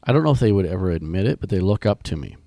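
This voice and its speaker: Low, mellow-voiced man with a sick voice. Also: lively intonation, racing, gravelly, dry recording, clean studio sound. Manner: rambling, many restarts and fillers. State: sick, rough voice. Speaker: podcast co-host. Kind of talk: casual podcast chat.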